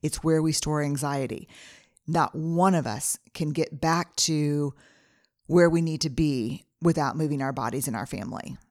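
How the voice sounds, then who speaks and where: A woman's voice: deep voice, moderate pace, a little mellow, dry recording, clean studio sound. A middle-aged woman hosting her own podcast, talking earnestly through numbered advice in a solo monologue. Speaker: podcast host.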